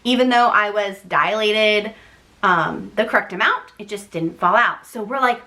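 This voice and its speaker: A young woman vlogger telling a long personal story in a chatty, animated way, acting out what others said. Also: mid-range voice, normal speed. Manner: chatty, animated, acts out quoted voices. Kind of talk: casual storytelling to camera.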